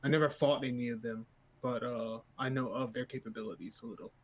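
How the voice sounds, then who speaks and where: A man playing a tabletop game as a player, speaking in a measured, deliberate way. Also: mid-range voice, steady tone. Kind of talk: tabletop role-play.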